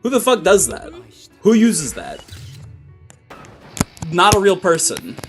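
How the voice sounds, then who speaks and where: A man streaming a video game in casual commentary, exasperated and swearing, with sudden loud outbursts. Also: high-pitched, huge pitch swings, takes it slowly, over music.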